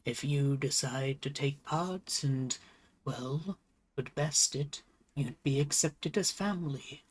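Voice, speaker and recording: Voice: medium pitch, breathy edge. Game master voicing an ancient turtle leader. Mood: courteous. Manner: slow, courteous, formal. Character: ancient male turtle mutant leader, courteous.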